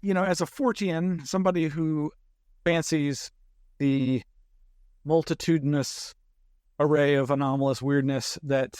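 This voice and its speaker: Smooth-voiced man hosting a news roundup. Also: mid-range voice, a little mellow, dry recording, clean studio sound. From Texas. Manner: chatty, rambling, self-interrupting. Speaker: host of a weekly news roundup show. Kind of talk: casual live-stream news commentary.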